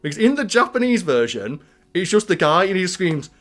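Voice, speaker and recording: Animated man chatting. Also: high-pitched, fast talker. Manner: animated, laughing, acts out quotes. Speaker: podcast co-host. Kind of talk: casual chat.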